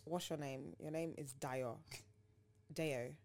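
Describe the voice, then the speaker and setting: A young woman guest on a podcast, chatting casually and telling stories with lively quoted bits. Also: sits low, slow, slight background noise. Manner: animated storyteller, acts out quotes. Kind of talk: casual chat.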